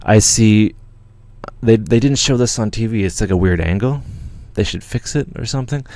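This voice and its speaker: A Canadian man hosting a livestream, telling a story in an excited, rambling way with lots of swearing and restarts. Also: fairly low pitch, moderate pace, dry recording. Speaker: channel host.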